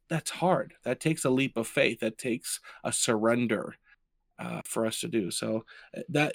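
Lively male podcast co-host telling stories. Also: medium pitch, no echo. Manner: animated storyteller, retelling scenes with quoted lines. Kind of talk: casual podcast conversation.

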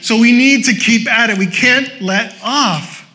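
High, bright-voiced male pastor preaching. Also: measured pace. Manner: lively and conversational, with joking asides; exhorting, repeating short phrases. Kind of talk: sermon.

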